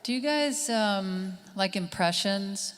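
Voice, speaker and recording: Woman, stand-up comedian, deadpan, slow delivery, long reverberant hall, faint background ambience. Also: mid-range voice, a little hiss or hum. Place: stage at a large summit hall.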